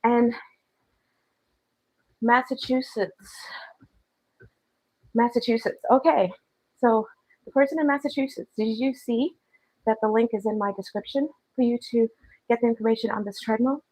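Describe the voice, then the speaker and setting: A woman's voice: on the high side, a little fast, warm tone, low-quality recording. A woman chatting on a livestream as she walks on a treadmill, reading and answering the live chat, a little out of breath. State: slightly out of breath from walking. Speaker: fitness vlogger. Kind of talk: casual livestream chat while walking on a treadmill. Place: home, on a walking treadmill.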